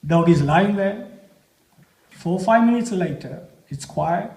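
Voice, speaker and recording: Slow, lively-pitched man speaking on stage. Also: vocal fry. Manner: slow, deliberate, rhetorical questions. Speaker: motivational speaker. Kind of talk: inspirational talk to an audience. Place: music festival stage. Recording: echoey live stage sound.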